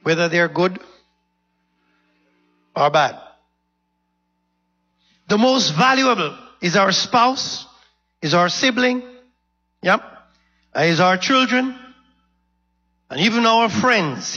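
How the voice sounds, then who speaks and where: A minister preaches slowly in a high, gravelly voice, pausing to put questions to his congregation. His bright, husky tone carries a long hall reverb, and the recording sounds muffled. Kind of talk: sermon.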